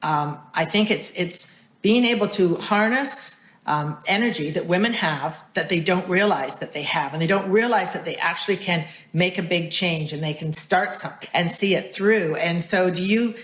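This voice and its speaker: A woman's voice: on the low side, moderate pace, a bit bright, roomy sound. A woman hosting an interview, responding earnestly and affirming her guest. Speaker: interviewer, host. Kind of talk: interview conversation.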